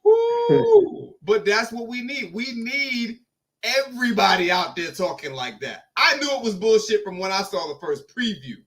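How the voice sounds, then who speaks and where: A man hosting a podcast, talking in an animated, emphatic and profane way. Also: sits high, moderate pace. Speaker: podcast host. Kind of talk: casual podcast chat.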